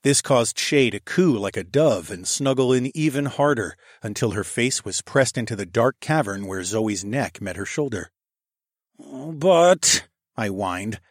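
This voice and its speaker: A man's voice: medium pitch, dry recording, studio quality. A man narrating a first-person romantic fantasy story, intimate and wry, switching between narration and dialogue. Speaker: audiobook narrator.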